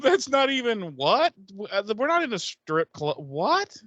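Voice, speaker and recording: Lively, bright-voiced joking male podcaster. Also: high voice, unhurried, no room sound, muffled recording. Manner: jokey and profane, with lots of likes and acted-out quotes. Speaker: podcast co-host. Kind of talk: casual banter.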